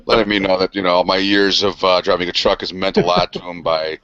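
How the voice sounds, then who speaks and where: Forties male co-host, low and bright, dry dull-sounding recording, swears and rambles. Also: flat delivery, fairly quick, clear, resonant tone, no echo. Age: 40s. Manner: rambling, profane, self-mocking. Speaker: podcast co-host. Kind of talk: casual chat.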